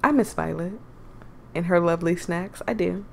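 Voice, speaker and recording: A woman's voice: lowish voice, normal speed, gravelly, slight background noise. A young woman hosting a casual game playthrough, chatting, giggling and rambling in asides. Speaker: gaming channel host. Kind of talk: casual let's-play commentary.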